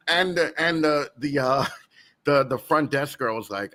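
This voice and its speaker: A man's voice: medium pitch, unhurried, fairly bright tone. A man guest hosting a casual podcast, telling a rambling story full of restarts and laughter. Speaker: guest host.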